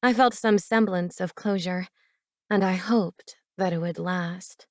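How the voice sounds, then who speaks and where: A woman with a fairly low voice narrates a first-person romance audiobook. Her delivery is intimate and even, and the recording is dry and close. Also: a little slow, no echo.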